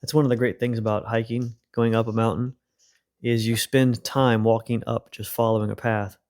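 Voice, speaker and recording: Calm man reading a children's story. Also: medium pitch, moderate pace. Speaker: podcast host and reader.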